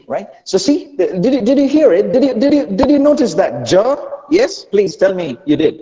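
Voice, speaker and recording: Animated guy teaching pronunciation on a webinar, higher voice, lots of echo. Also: moderate pace, few pauses, muffled recording. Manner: animated, coaxing, with repeated restarts. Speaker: accent and pronunciation trainer. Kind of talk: online lesson.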